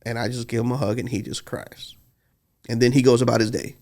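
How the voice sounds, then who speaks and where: Earnest man with a gravelly voice. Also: mid-range voice, fairly even intonation, fairly quick, a little mellow. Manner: earnest, heartfelt storytelling. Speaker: podcast co-host. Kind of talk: casual podcast conversation.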